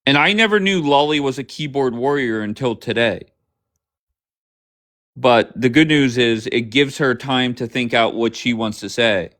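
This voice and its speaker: A man's voice: medium pitch, fairly bright tone. Blunt swearing man hosting a livestream. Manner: blunt, swearing, grilling guests with rapid questions. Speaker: livestream host. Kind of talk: confrontational livestream chat.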